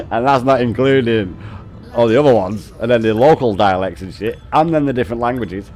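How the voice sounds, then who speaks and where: A man's voice: medium pitch, expressive, measured pace, pauses often, a little mellow. A man, chatting casually on a game stream, swearing constantly and laughing often as he banters with his viewers. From North West England.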